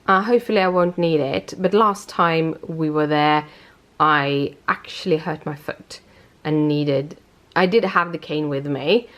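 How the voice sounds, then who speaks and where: A young woman with a somewhat low voice and a light British tinge chats casually at home. She sounds worn out, and she rambles and corrects herself as she talks. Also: measured pace. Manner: rambling, self-correcting, chatty. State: tired. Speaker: vlogger. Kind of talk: casual vlog chat.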